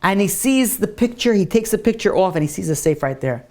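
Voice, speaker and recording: A man's voice: sits high, animated, a little fast, creaky, a little mellow. Man, rabbi, storytelling lesson, casual, chatty, lots of fillers. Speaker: rabbi and teacher.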